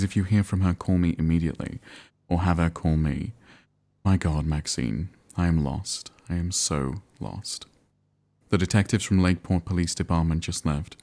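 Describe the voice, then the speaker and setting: A man's voice: low voice, a little mellow. A man reading as a grieving, formal mother. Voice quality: formal, pleading phrasing.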